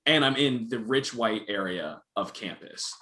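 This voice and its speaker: A man's voice: lowish voice, expressive, unhurried, pushed and bright, echoey room. A young man in his twenties, co-hosting a casual talk show, telling stories in a candid, profane way. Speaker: podcast co-host. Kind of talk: casual chat.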